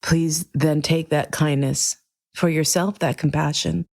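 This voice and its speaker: A middle-aged woman hosting her own podcast, talking earnestly and emotionally, swearing freely, in slow, deliberate phrases. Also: deep voice, steady tone, vocal fry, a little mellow. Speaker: podcast host. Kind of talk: heartfelt solo podcast monologue.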